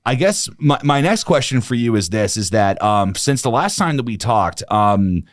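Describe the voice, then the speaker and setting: A man with a fairly low voice hosts a podcast interview, winding through long questions packed with "like" and "you know." The sound is dry and close, with almost no room echo. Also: big pitch swings, moderate pace. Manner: rambling, filler-heavy questions. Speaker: podcast host. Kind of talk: casual interview chat.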